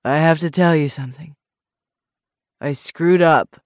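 A woman's voice: deep voice, a little slow, no echo, clean studio sound. A woman voicing a drunk man who rambles and pleads in a loose, unsteady way. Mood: drunk, pleading.

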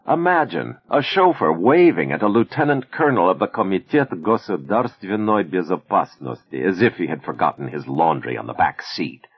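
A man narrating an audiobook in a measured, expressive storytelling manner. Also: low-pitched, husky, lo-fi sound.

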